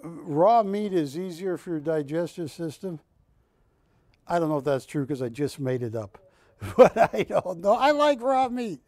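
At a measured pace and with a slightly high voice, a man pitches art live on a shopping broadcast, with no echo. He's jokey and animated, chatting away and teasing his co-hosts.

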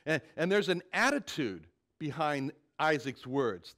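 A man preaching a Bible sermon with a fairly high voice. He turns animated and dramatic when he quotes scripture. He often repeats words as he gathers his thoughts. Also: a little slow. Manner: repeats words while thinking. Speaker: pastor.

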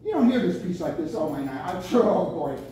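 Guy preaching all fired up, shouting out bits, mic far off in a really echoey room with a bit of hiss. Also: high voice, brisk. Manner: excitable, bursts out with exclamations. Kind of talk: lively sermon. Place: senior center meeting room.

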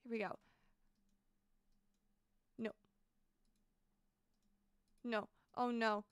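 Young female streamer, bubbly and chatty, high-pitched, dry close mic. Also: very slow, clean tone, dry recording. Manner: bubbly, repeats exclamations, thanks chat excitedly. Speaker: game streamer. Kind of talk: casual live-stream chat while building in a game.

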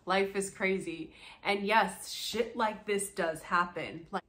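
A woman's voice: mid-range voice, slow pace, a bit bright. A young woman giving casual commentary, sarcastic and swearing freely, breaking into laughter often. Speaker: commentary channel host.

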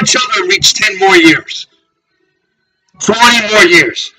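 A man preacher delivering a fiery, profane sermon, ranting, cursing and often shouting. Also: high voice, expressive, measured pace, faint music behind, low-quality recording.

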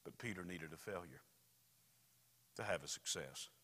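A man preaching a sermon as a pastor, telling stories in a voice that swings from hushed to loud. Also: low voice, moderate pace. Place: church sanctuary. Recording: reverberant church hall.

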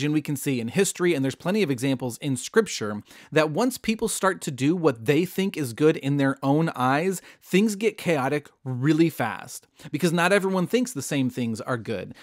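A man's voice: medium pitch, no echo, clean studio sound. Man retelling scripture with jokey slang. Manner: casual and jokey, with modern slang. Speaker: Bible teacher. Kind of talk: comedic Bible storytelling.

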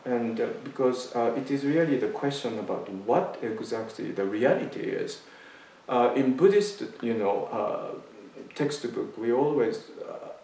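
A man tells a personal story as a Zen talk, stopping and restarting with frequent fillers. His voice sits at an ordinary pitch. He is heard from a little way off, in a room with heavy echo. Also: vocal fry, a little mellow, a little hiss or hum. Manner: halting, many fillers and restarts. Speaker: Zen teacher giving a talk. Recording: echoey room, mic at a distance.

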